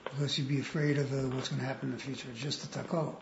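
A man's voice: medium pitch, little pitch movement, very fast, gravelly. A man leading a group text study, explaining points patiently and often affirming others. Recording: roomy, muffled, noisy room recording.

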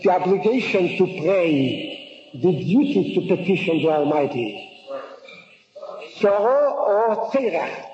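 A man giving a scholarly lecture, halting and restarting phrases and quizzing his listeners, on a dull old recording. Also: a little high, darkish tone, echoey room, big-room sound. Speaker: Talmud lecturer. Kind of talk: lecture with questions to the class.

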